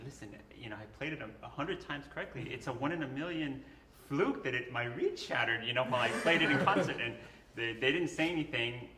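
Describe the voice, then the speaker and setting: A man, a former band student, telling an animated story to old friends, laughing often as he goes. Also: mid-range voice, background noise. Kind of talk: storytelling at a gathering. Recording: echoey room with crowd.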